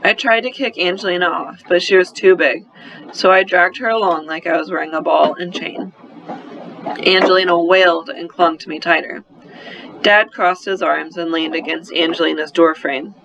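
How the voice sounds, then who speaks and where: A man narrating a first-person children's story in an expressive, brisk storytelling manner, on a slightly muffled recording. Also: a little high, creaky, background noise. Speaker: audiobook narrator.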